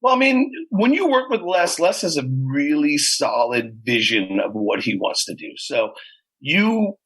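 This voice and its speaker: A middle-aged man, a guest guitarist, chatting casually in an interview and telling stories in an animated, profane way. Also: fairly high pitch, unhurried, slightly rough, low-quality recording.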